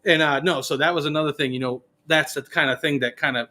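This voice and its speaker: A man's voice: a little high, quick pace. A man telling a story in a casual podcast chat, swearing freely and acting out what people said. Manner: animated, profane, acts out quotes.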